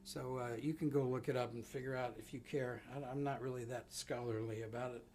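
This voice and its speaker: A folk musician on a live stream from his home studio introduces a song, with guitar in the background. His medium-pitched voice is steady, darkish, and a little fast, and he rambles self-deprecatingly with plenty of ums.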